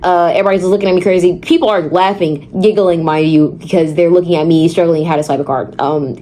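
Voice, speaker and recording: A woman's voice: on the low side, fast, a little hiss or hum. Dramatic teenage girl telling a story. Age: teens. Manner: dramatic, animated, repeats words. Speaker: vlogger. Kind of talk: storytime vlog. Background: background music.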